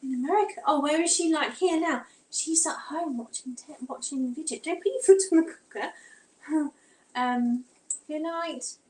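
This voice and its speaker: A woman's voice: high voice, moderate pace, darkish tone, roomy sound, far from the mic, low-quality recording. A woman chatting casually with viewers while she does housework, rambling a little and reading out comments, her throat tight and strained. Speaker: vlogger. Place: home kitchen.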